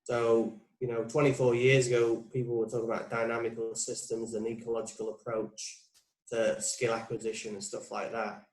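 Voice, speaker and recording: This interview with a putting coach in his forties captures a mid-range, slightly mellow voice delivered completely flat at a moderate pace. He reflects casually, thinking out loud and often starting over, and the sound is echoey and roomy.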